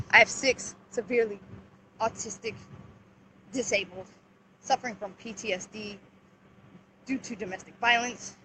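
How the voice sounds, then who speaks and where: A woman's voice: a little high, normal speed, pauses often, slight background noise, rough recording. A mother livestreaming outdoors beside a car, talking in an urgent, agitated way and coaching her children to speak up. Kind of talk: live phone stream, urgent pleading.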